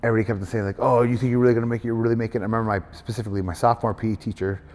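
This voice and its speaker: A middle-aged man telling his story in a casual interview, animated, acting out other people's voices, with many fillers. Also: fairly low pitch, racing. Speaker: guest wrestler. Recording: hall reverb.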